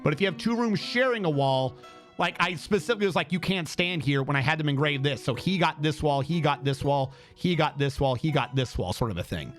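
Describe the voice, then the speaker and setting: A male streamer giving rambling, excitable gameplay commentary with lots of fillers. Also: fairly high pitch, a little fast, soft background music.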